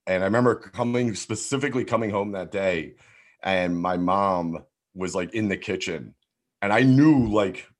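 Brief: low-voiced Philly guy in his 40s, casual and swearing, lots of "like". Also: moderate pace. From Philadelphia, USA. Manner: rambling, heavy swearing, lots of "like" and restarts. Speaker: guest. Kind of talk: casual storytelling in a podcast interview.

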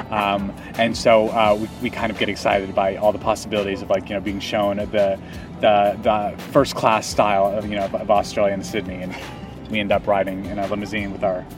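A man's voice: fairly low pitch, little pitch movement, brisk, far from the mic, over music. A man, an actor guest, chatting casually in an interview with a lot of restarts and easy laughter.

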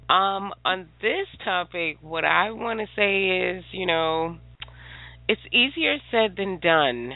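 A woman's voice: on the low side, lively intonation, slow pace, dry recording. A woman caller from South Carolina, chatting and laughing between her points. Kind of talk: call-in chat. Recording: tinny dry phone line.

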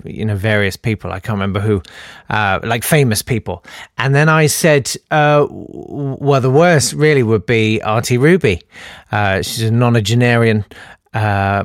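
A man's voice: medium pitch, no echo, clean studio sound. Rambling young man telling funny anecdotes. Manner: rambling, self-interrupting, laughs at own stories. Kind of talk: anecdotal storytelling.

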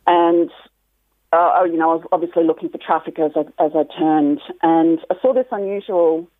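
A woman's voice: sits low, steady tone, normal speed, no echo. Australian woman calling in by phone. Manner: friendly, hesitant with fillers. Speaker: caller. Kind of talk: radio phone interview. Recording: phone line on radio.

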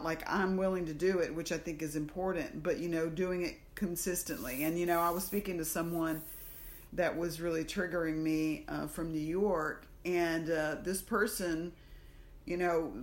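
A woman from the American South co-hosting a podcast, telling a personal story in a casual conversation and acting out the voices in her head. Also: on the low side. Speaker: podcast co-host.

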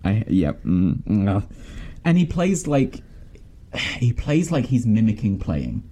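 A man hosting a casual film discussion podcast, animated and mock-outraged, laughing often. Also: lowish voice, takes it slowly, breathy edge. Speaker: podcast host.

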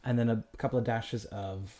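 A man's voice: fairly low pitch, fairly even intonation, normal speed, mellow. A man hosting a casual chat, talking in a loose, chatty way with frequent laughs and hedging asides.

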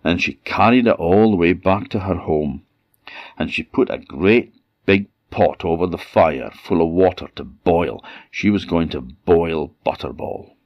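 A man from Orkney with an Orcadian Scottish accent, telling a folktale in a lively, animated way. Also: low-pitched, a little slow, dry recording. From Orkney, Scotland. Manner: lively, animated, voices every character. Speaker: storyteller. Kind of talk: folktale storytelling. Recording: dull lo-fi dry recording.

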